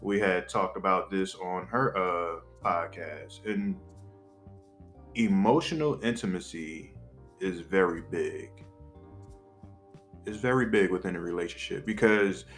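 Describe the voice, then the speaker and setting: Casting: young male podcast co-host, lowish voice, blunt and profane, shoots from the hip, faint music underneath. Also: a little slow, pauses often, a bit bright. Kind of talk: candid casual podcast chat.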